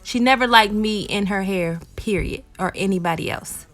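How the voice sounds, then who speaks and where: Chatty mom narrating a haircut, dry sound. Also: female voice, mid-range voice, moderate pace, a bit bright, no room sound, soft background music. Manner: chatty, explanatory, with frequent ums and likes. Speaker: mother and natural hair vlogger. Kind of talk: casual voice-over narration.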